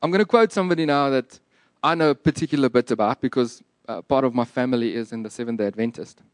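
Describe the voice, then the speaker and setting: A man's voice: mid-range voice, fast talker, no room sound. A man preaching a sermon in an earnest, emphatic and plain-spoken way. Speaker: pastor.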